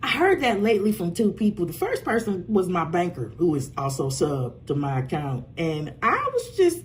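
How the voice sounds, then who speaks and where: A woman giving a casual, profane tarot reading, swinging between loud outbursts and low muttering. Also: wildly swooping pitch, moderate pace, slight background noise. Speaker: tarot reader.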